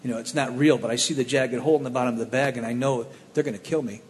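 This Cleveland-area man rattles off his personal testimony at a rapid-fire clip, plainspoken and animated, with restarts along the way. His voice sits in the middle range. Recorded in a roomy hall, it trails a long reverb, with faint ambience and slight background noise.

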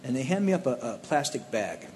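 Man, personal testimony, plainspoken, animated storytelling, roomy hall reverb, faint background hum. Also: medium pitch, a little fast. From Cleveland area. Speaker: speaker telling his testimony.

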